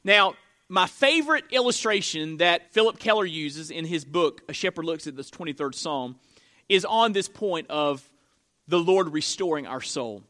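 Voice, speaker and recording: A man's voice: fairly high pitch, lively intonation, normal speed, bright, forceful tone. A man preaching a sermon, telling Bible stories with earnest, dramatic emphasis. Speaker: pastor.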